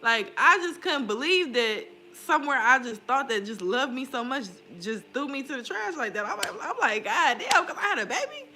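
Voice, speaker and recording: A woman's voice: sits high, big pitch swings, fairly quick, hardly any pauses, sharp tone, slight background noise. A young woman talking candidly in a casual vlog, swearing freely and laughing often. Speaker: spiritual vlogger. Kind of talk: casual confessional chat.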